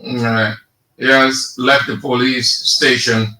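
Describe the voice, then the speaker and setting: A man with a Liberian English accent hosting a radio talk show, giving slow, sarcastic political commentary and reading statements aloud. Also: mid-range voice, flat delivery, bright, forceful tone, reverberant, rough recording.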